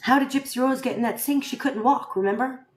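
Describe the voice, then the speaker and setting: A woman with a high voice, speaking a little fast, hosts a casual live stream and talks straight to her viewers. She is animated and keeps firing rhetorical questions at them. The room sound is echoey.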